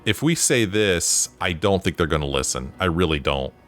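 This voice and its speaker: A man's voice: low-pitched, lively intonation, normal speed, fairly bright tone. A man giving casual, joking commentary while playing a game and reading its dialogue aloud. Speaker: let's play host.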